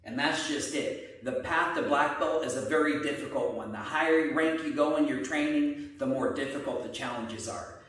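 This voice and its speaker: A man's voice: a little high, moderate pace. Man explaining in an echoey room. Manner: steady, explanatory. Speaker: martial arts instructor and co-host. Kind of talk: casual explanatory chat. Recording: echoey room, mic at a distance.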